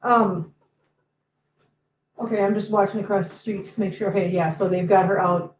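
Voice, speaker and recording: A woman's voice: medium pitch, steady tone, normal speed, dull audio, a little hiss or hum. A woman hosting a casual live-stream chat, talking in long rambling runs and repeating herself. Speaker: host of a cat channel live stream.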